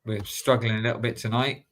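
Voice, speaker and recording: A man's voice: mid-range voice, fairly even intonation, fairly quick, a bit bright, slight background noise. Chatty English man greeting viewers. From England. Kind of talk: casual livestream chat.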